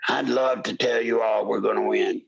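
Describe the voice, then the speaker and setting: An older man with a deeply gravelly, creaky voice delivers a fervent talk radio monologue. His tone is husky and rough, and he often climbs into pleading shouts. He sounds like a seasoned show host talking straight to his listeners. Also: steady tone, moderate pace, muffled recording. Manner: impassioned, pleading, rising to shouts.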